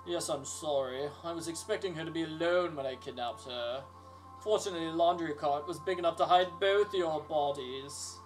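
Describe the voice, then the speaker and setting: A man doing a smug villain who drawls his threats slowly and coolly. Clear music plays behind the voice. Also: fairly high pitch, close to an everyday voice. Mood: menacing. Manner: smug, slow and menacing. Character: sly villainous male kidnapper, smug and menacing.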